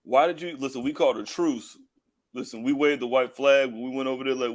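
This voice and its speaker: A man's voice: mid-range voice, fairly even intonation, brisk. A male podcast co-host in casual chat, joking in a mock-indignant way.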